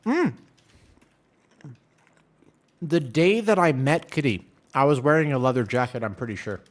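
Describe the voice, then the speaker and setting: A man streaming a game, chatting casually with his viewers in quick, jumpy banter. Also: mid-range voice. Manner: animated, jumpy banter with chat. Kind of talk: casual chat while gaming.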